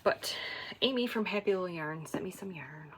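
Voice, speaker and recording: A woman hosting a knitting podcast, chatting casually and self-deprecatingly, often trailing off into soft asides. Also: lowish voice, lively intonation, normal speed, slight background noise. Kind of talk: casual stash-tracking chat.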